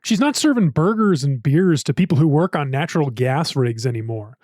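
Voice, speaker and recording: Man, podcast producer, scripted narration, steady explanatory tone, dry close mic. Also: on the high side, moderate pace, dry recording.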